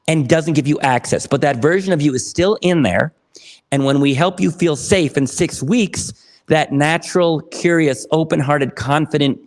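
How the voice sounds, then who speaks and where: Excited guy on a podcast, talks a bit high, acts out both sides of the convo. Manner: energetic, enthusiastic, acts out dialogue. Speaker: podcast guest, therapy program founder. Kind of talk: animated storytelling.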